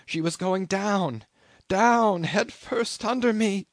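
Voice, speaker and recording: A shaken young sailor, read by a man, talks low and hushed, as if still stunned. The pitch still rises and falls widely under the quiet. The sound is dry and close. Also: measured pace, no echo, natural voice. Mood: hushed, haunted. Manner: quiet, flat, low-voiced telling. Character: shaken young male sailor, hollow and haunted.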